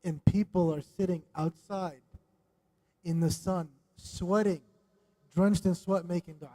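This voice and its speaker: A man giving a religious lesson in a mosque, animated and questioning his audience, dropping Arabic religious phrases. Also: high-pitched, measured pace. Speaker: religious teacher. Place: mosque hall.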